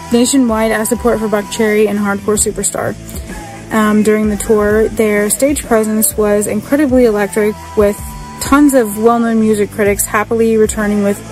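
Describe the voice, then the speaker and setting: A woman giving a scripted music review on a podcast, brisk and blunt with casual swearing. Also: medium pitch, a little mellow, low-quality recording.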